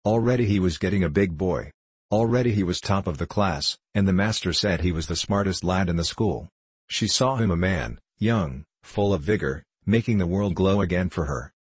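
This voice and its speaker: Deep, husky male audiobook narrator. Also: darkish tone, no echo. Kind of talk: scripted narration of a novel.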